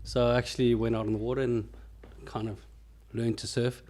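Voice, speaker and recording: A man's voice: mid-range voice, level tone, a little fast, mellow. A man from Africa, a musician guest on a podcast, talking in an easygoing, self-deprecating way. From South Africa. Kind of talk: casual interview chat.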